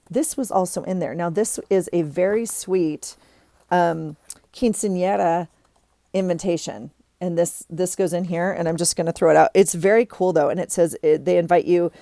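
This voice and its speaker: A woman's voice: fairly low pitch, vocal fry, dark tone, no echo. A woman vlogger chatting casually while she tidies her desk, rambling with many ums and restarts.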